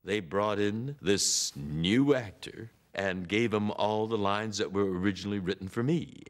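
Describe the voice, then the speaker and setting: A man's voice: fairly low pitch, a little slow. A man being interviewed, dryly telling an aggrieved story about an old grievance. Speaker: interviewee, actor.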